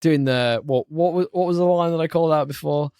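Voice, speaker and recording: A man's voice: fairly high pitch, a little fast, a little mellow, clear, resonant tone, no room sound, clean studio sound. A man co-hosting a casual film-review podcast, joking around and steering the chat with quiz questions. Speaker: podcast co-host.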